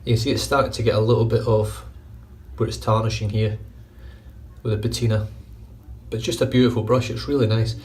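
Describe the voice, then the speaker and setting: A man's voice: lowish voice, level tone, a little fast, a little mellow, far from the mic, a little hiss or hum. A middle-aged Scottish man with a Glaswegian accent, chatting casually and swearing freely as he reviews shaving gear in his bathroom. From Scotland. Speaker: shaving vlogger. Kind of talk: casual chat. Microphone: phone camera.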